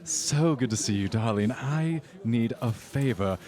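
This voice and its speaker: A man's voice: medium pitch, animated, unhurried, warm tone, lightly acted. A man voicing a flamboyant, pushy society woman with a sing-song, gushing way of talking. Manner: gushing, breezy, calls everyone darling.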